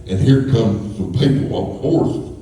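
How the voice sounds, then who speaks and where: A man's voice: mid-range voice, measured pace, dark tone. A man telling folksy, rambling stories to a live audience, chuckling as he goes. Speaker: storyteller. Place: school hall with a live audience. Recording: echoey hall from far off, faint hum.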